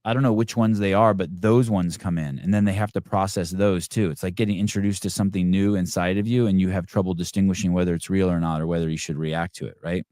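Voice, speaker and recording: A man's voice: deep voice, steady tone, quick pace, hardly any pauses, warm tone, dry recording, studio quality. A man hosting a podcast in casual chat, rambling and profane, often restarting his sentences. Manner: many restarts and fillers. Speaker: podcast host.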